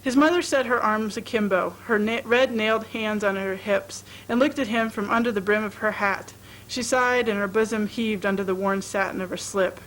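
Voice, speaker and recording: A woman reading a short story aloud in a steady, expressive storytelling manner. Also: mid-range voice, moderate pace, a little hiss or hum, low-quality recording. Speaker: reader.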